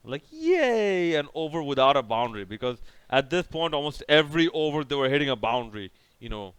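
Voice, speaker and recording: A young man casually recaps a cricket match over by over, rambling and sarcastic, with many restarts. His voice is medium-pitched, a bit bright and smooth, at a quick pace, with no echo.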